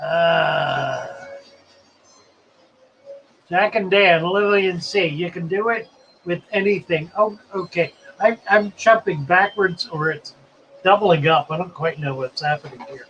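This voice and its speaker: A man with a somewhat high, gravelly voice hosts a relaxed live stream, slowly reading viewer comments and musing aloud between them in an unhurried, chatty way. The audio sounds slightly dull, with a faint hiss underneath.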